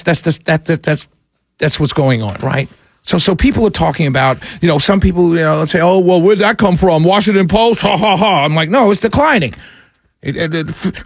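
A man's voice: high voice, no echo, clean studio sound. A man giving ranting commentary to his audience, exasperated and incredulous, often stammering and laughing in disbelief. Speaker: political commentator.

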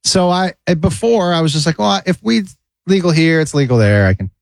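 Comic guest, male, lively storyteller who plays every character, dry close sound. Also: on the high side, a little fast, gravelly, no echo. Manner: animated, acts out other people's lines. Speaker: comedian guest. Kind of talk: casual storytelling chat.

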